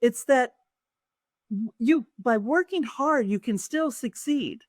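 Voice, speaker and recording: A woman's voice: a little high, expressive, slow, a little mellow, no room sound, studio quality. A woman, an author and business owner, telling a personal story in an interview and acting out other people's lines as she goes.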